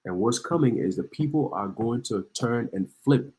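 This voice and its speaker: A man's voice: mid-range voice, animated, normal speed, darkish tone, low-quality recording. A man preaching in heated commentary on the news, reading articles aloud and then ranting. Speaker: online preacher.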